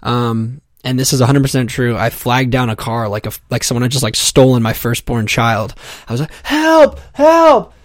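A man's voice: medium pitch, flat delivery, moderate pace, hardly any pauses, no echo, studio quality. A young man telling a comic personal story in a casual, profane, self-mocking way, full of fillers. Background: music.

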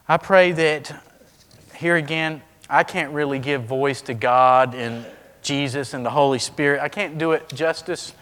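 Man, preacher, lively sermon, acts out stories, high voice, echoing hall. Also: unhurried. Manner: animated, acts out scenes with shifting voice.

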